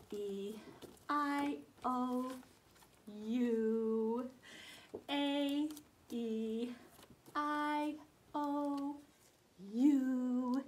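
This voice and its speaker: Woman, preschool teacher, high voice, sing-song, slow and drawn out. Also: fairly bright tone, a little hiss or hum. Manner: sing-song, exaggerated teacher voice for small children. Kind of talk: teaching preschoolers over video.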